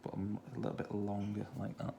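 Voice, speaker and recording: Low gravelly man with a Stoke accent. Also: fast, a little hiss or hum. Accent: Stoke-on-Trent English. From England. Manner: relaxed, thinking aloud while drawing. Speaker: art tutor. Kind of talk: drawing tutorial for children.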